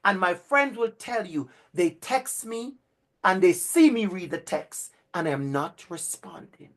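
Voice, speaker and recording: Guy telling stories in a talk, animated, repeats himself a lot, calls people by name. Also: high voice, measured pace. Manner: animated, repetitive, speaks directly to listeners by name. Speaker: speaker addressing future educators. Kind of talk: storytelling keynote talk.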